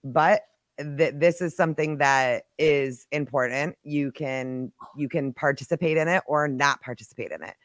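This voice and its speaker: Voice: medium pitch, moderate pace, fairly bright tone, no echo, studio quality. A podcast host in a casual live chat, talking frankly and earnestly, now and then swearing. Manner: frank, earnest, a bit profane.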